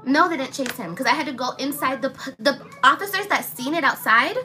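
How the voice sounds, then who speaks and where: A woman's voice: high voice, animated, a little fast, bright, forceful tone, a little hiss or hum, poor audio. A young woman speaking angrily and bluntly on a livestream vlog, swearing as she vents. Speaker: vlogger.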